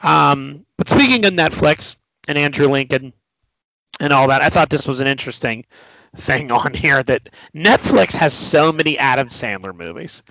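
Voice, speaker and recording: Gravelly guy hosting a pop culture podcast, kinda high voice, rambles and swears, dull lo-fi dry sound. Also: expressive, moderate pace, pushed and bright, no room sound. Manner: rambling, loose, swears freely. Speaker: podcast host. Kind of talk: casual pop culture chat.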